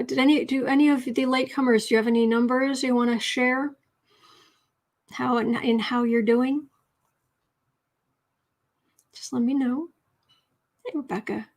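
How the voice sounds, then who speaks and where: Chatty woman hosting a writing livestream. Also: on the high side. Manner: chatty, reads chat messages aloud, thinks out loud. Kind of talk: casual livestream writing lesson.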